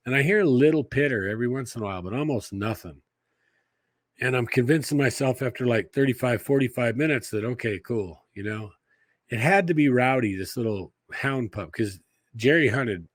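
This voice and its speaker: A man's voice: medium pitch, no room sound. A man telling a long story in a folksy, rambling way, swearing casually as a podcast guest.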